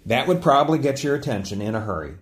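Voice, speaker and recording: A man preaching a sermon, telling a joke story and then teaching, with frequent small restarts. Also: quick pace. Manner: storytelling with lively pitch swings and small restarts. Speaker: pastor.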